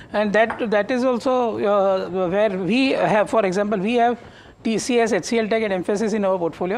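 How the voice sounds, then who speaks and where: An Indian-accented man, a fund manager in a studio TV interview, talking with many fillers and restarts. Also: high-pitched. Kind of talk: live market TV interview.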